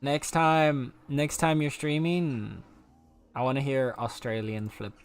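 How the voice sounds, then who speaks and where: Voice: mid-range voice, fairly even intonation, slow. A game streamer chatting casually with viewers while playing, playful and teasing. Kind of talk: casual live-stream chat while gaming.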